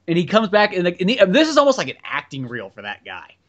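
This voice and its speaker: Man, movie podcast co-host, lively up-and-down pitch, slightly high, rambling casual talk. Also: fairly quick. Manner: lively, rambling, chuckling asides.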